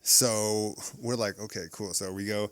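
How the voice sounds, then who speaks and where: Young man telling a story, animated. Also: lowish voice, measured pace, dry recording. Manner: animated storyteller, acts out loud quoted voices, laughs often. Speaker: podcast guest. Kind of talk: casual storytelling chat.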